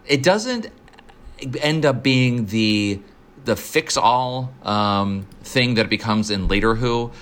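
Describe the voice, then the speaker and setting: A man's voice: lowish voice, fairly even intonation, slow pace, fairly bright tone, smooth. A man co-hosting a podcast, talking casually and enthusiastically, rambling with frequent restarts. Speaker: podcast co-host. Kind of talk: casual chat.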